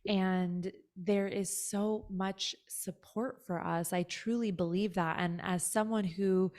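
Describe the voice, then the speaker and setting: A woman's voice: mid-range voice, fairly even intonation, takes it slowly, darkish tone. A woman speaking as a podcast guest, a spiritual guide, talking in an earnest, reflective way and saying "like" often. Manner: earnest and reflective, fills talk with "like". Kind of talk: casual chat.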